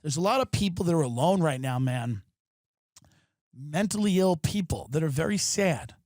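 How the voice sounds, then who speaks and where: A man's voice: fairly high pitch, lively intonation, normal speed, a little mellow, no room sound, clean studio sound. A man hosting a podcast, delivering an exasperated, profane comedic rant from his apartment. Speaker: podcast host. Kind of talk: ranting comedic monologue.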